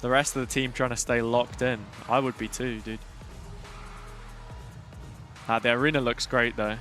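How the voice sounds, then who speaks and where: A man's voice: medium pitch, little pitch movement, moderate pace, fairly bright tone, faint music behind. A man with a British accent hosting an esports watch party stream, chatting casually and reacting aloud to his viewers. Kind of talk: casual live-stream chat.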